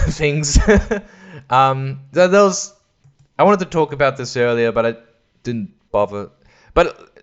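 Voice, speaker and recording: A man's voice: on the high side, smooth, dull audio. A man talks alone on his podcast. He rambles, swears a lot, laughs often and mimics voices. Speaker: podcast host. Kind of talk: casual solo chat.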